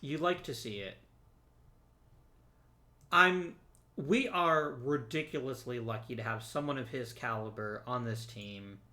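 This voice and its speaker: Bright-voiced man chatting through a game. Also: medium pitch, unhurried, pauses often. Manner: chatty and joking, talks to the viewers and to the players on screen. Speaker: let's play host. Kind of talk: casual gameplay commentary.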